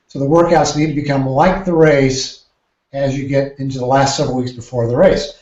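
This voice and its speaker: A man, a triathlon coach, explaining training ideas in a podcast interview with measured, careful phrasing and frequent restarts. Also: fairly high pitch, darkish tone. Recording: roomy, dull lo-fi sound.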